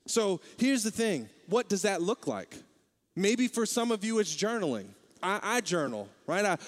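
A young man preaching a sermon as pastor, talking in a candid, conversational way and growing animated. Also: high voice, in a large hall.

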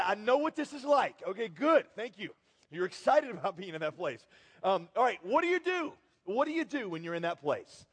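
A man preaching a sermon as pastor, talking to the congregation in a casual way, asking them questions and using many fillers. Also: sits high. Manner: conversational, asks the audience questions, frequent fillers. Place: large church hall with multiple campuses. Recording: long reverb of a large hall.

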